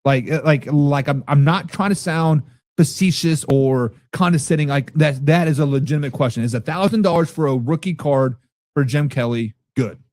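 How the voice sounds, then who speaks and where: A man hosting a casual football talk show, reading viewer comments and reacting loudly with profanity. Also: on the high side, normal speed, no room sound, studio quality. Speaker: podcast host reading live chat.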